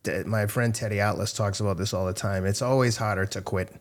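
A man's voice: lowish voice, steady tone, brisk. A middle-aged man talking candidly as a podcast guest, swearing freely and getting choked up. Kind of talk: candid interview talk.

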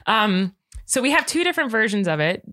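A woman in her thirties chatting casually as a co-host, with a voice that swoops up and down a lot. Her tone is bright and sharp, and she giggles and sounds nervous. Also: fairly high pitch, big pitch swings, fairly quick. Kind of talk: casual chat.

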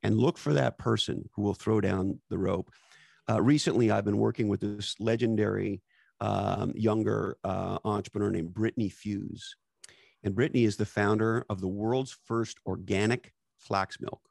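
Hosting a podcast conversation, this low-pitched man has a creaky, gravelly, slightly mellow voice with a steady tone and normal speed. His delivery is forceful and frank, sprinkled with offhand profanity and pet phrases. The audio is dry and close-miked.

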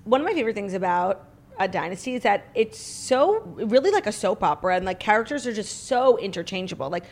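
A woman's voice: mid-range voice, animated, quick pace, darkish tone. A woman co-hosting a casual chat, gushing and enthusiastic as she asks questions. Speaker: podcast co-host.

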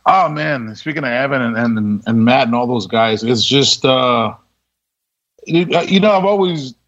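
A man, a military veteran, telling stories in a relaxed interview, laughing often and acting out what people said. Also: medium pitch, moderate pace, lo-fi sound. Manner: laid-back, laughing, full of quoted dialogue. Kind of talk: casual storytelling interview.

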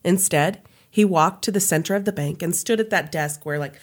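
A woman's voice: on the low side, normal speed. Woman casually reading a story aloud. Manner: reads a story aloud with laughs and asides. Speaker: podcast host.

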